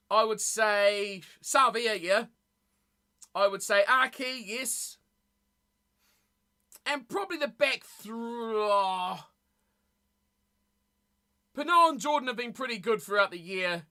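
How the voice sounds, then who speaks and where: A woman's voice: fairly high pitch, pushed and bright. A woman streamer chatting casually with her live chat, blunt and opinionated, often losing her train of thought.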